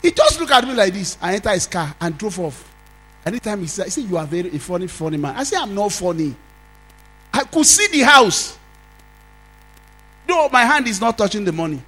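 A Nigerian man, a pastor, preaching a sermon as a story, swinging from loud exclamations to low asides. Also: big pitch swings, fast, rough recording.

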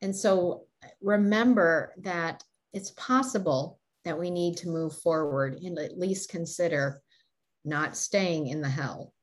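A woman's voice: lowish voice, slow. A woman co-hosting a motivational talk show, telling stories and laughing often. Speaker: podcast co-host.

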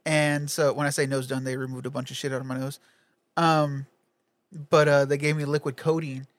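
A man's voice: mid-range voice, little pitch movement, moderate pace. A young man telling a laid-back story in casual chat, laughing and swearing freely.

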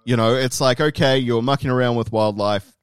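Smooth-voiced Australian man, casual chat. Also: medium pitch, steady tone, fairly quick, dry recording, clean studio sound. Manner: rambling, searches for words. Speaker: podcast co-host, guest.

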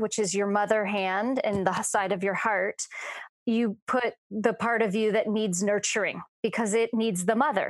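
A woman's voice: mid-range voice, no echo. Woman coach, podcast chat; earnest, reflective, dry close sound. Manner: earnest, reflective, frequent restarts.

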